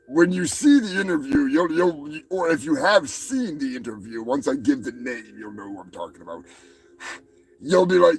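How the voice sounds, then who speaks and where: A man's voice: high voice, low-quality recording. A male show host giving rambling, profane comedic commentary, often stumbling over and repeating his words.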